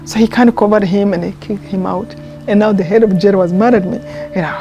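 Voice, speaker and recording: A woman, telling a personal story in a documentary interview, earnest and heartfelt, often pausing and restarting. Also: medium pitch, fairly even intonation, mellow, faint music behind. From Rwanda. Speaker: interviewee, genocide survivor.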